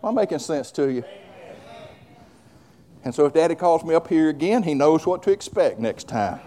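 Fervent high-voiced male preacher. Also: lively intonation, normal speed, dark tone. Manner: fervent, building to hollering, conversational asides. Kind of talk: sermon.

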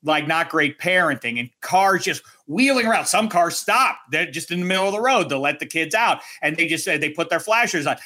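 A middle-aged man co-hosting a sports talk show, telling a story in an animated, self-mocking way. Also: fairly high pitch, brisk, few pauses. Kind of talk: sports radio banter.

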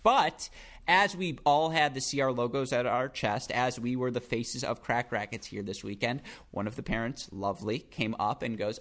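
A man hosting a podcast, telling stories in an excitable, rambling way and acting out quotes. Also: medium pitch, moderate pace. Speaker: podcast host. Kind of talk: casual podcast chat and storytelling.

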